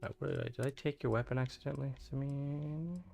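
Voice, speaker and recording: A man's voice: medium pitch, fairly even intonation, fast talker, vocal fry, warm tone. A man streaming a video game, chatting casually with lots of fillers and restarts. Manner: rambling, filler-heavy, upbeat. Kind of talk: casual gameplay commentary.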